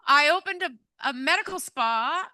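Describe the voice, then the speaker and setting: A woman's voice: sits high, animated, normal speed, sharp tone, no room sound. A middle-aged woman giving an emotional personal testimony to a live audience, earnest and rambling with many fillers. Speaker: event speaker giving a testimonial.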